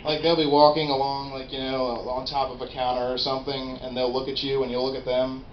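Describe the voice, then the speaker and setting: A young man doing a stand-up routine in a rambling, animated, profane way at a small live venue. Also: mid-range voice, fairly quick. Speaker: stand-up comedian. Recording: roomy, dull, noisy live room.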